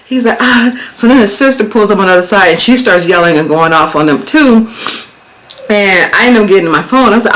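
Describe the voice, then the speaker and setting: A young adult woman vlogger telling a dramatic story and acting out the quotes loudly. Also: medium pitch, brisk. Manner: expressive, acts out quotes loudly with cursing. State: pregnant. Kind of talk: animated storytime.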